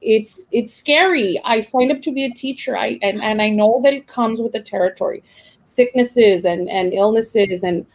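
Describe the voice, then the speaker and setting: A woman's voice: on the high side, normal speed, low-quality recording. Young woman teacher, candid and emotional, talks in loose restarts. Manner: emotional, rambling with many fillers and restarts. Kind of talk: casual personal account.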